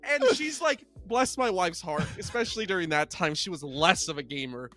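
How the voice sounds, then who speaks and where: 激动讲故事的男播客主持. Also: male voice, a little high, fairly quick, faint music behind. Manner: animated storyteller, gets loud when excited. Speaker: podcast co-host. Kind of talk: excited casual gaming chat.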